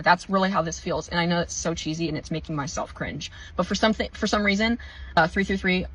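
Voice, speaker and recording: Husky, fired-up woman preaching mindfulness. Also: mid-range voice, a bit bright, poor audio. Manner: heated, profane, preachy, with drawn-out emphatic pauses. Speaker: spiritual content creator. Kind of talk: impassioned spiritual monologue.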